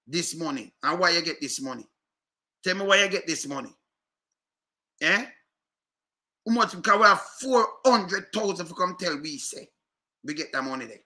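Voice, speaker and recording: This man, a commentator with a Jamaican accent, gets fired up while ranting to viewers, circling back over the same points and asking rhetorical questions. His high, pushed, bright voice has lively intonation and a normal pace, broken by frequent pauses.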